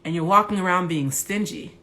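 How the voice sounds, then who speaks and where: Loud, blunt woman on a livestream. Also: on the low side, fairly quick. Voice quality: big, loud voice. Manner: blunt, animated, profane. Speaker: Instagram Live host. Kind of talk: candid livestream monologue.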